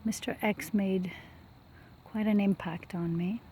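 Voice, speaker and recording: A woman's voice: mid-range voice, fairly even intonation, takes it slowly, a little hiss or hum. A woman rambling reflectively in a vlog while walking outdoors by a lake, talking into her phone and often dropping to a whisper. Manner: reflective, soft-spoken, drops to whispers. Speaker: vlogger. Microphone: phone held while walking.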